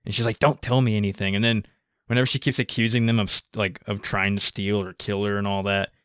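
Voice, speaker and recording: A young man co-hosting a podcast, chatting casually about movies, laughing along and quoting lines in a high mock voice. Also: little pitch movement, quick pace, a bit bright, clean tone, dry recording, studio quality. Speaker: podcast co-host. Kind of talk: casual movie review chat.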